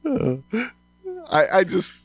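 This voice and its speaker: A man's voice: high-pitched, sing-song, slow pace, creaky, no room sound, soft background music. A man co-hosting a podcast in casual chat, agreeable and laughing often. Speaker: podcast co-host.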